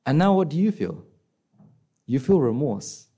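A man giving a conversational Buddhist dharma talk, often asking the listeners questions and acting out inner voices in a soft, low tone. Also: very animated, unhurried, husky. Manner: conversational, asks the audience rhetorical questions. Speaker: Buddhist teacher.

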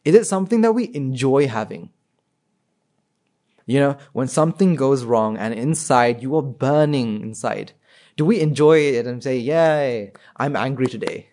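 A man's voice: medium pitch, expressive, normal speed, darkish tone. A man with a mid-range voice giving an informal talk. He keeps asking his listeners rhetorical questions and answers them himself. He often stumbles and restarts his sentences. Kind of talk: informal spoken talk to an audience.

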